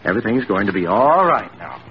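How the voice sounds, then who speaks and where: A smooth, placating young nephew. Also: male voice, fairly low pitch, big pitch swings, brisk. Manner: soothing, placating. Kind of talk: 1940s radio acting. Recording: dull old radio broadcast with hiss.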